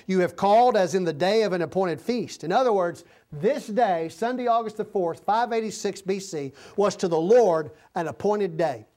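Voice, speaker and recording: An earnest preacher delivering a Bible-teaching sermon in a mid-pitched voice. The delivery halts now and then, with restarts and self-corrections. Scripture passages are read aloud in the same voice. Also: warm tone.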